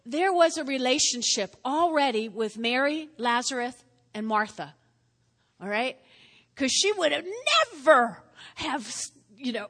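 A woman teaching a lively Bible lesson to a live group, acting out scenes and chatting with her listeners in a church meeting room. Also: high voice, a little slow. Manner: animated, acts out scenes, chatty asides to listeners. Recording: reverberant hall.

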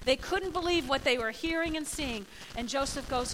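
Woman pastor, high bright voice, lively conversational sermon, slips into quoted voices. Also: normal speed, few pauses, slight background noise, rough recording.

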